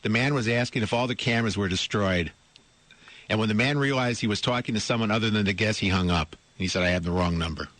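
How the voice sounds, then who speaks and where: In a radio studio, a middle-aged talk show host reads a news story into a studio mic and comments on it, amused and incredulous, breaking into laughter. His voice is lowish and fairly bright, his pace quick, the recording dry. He throws rhetorical questions at listeners and repeats his words.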